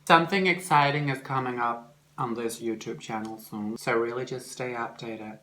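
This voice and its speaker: A young Norwegian vlogger eats on camera while chatting casually, rambling with plenty of fillers and curse words and now and then bursting into loud, shrill, mocking outbursts. His tone is steady and his speed normal.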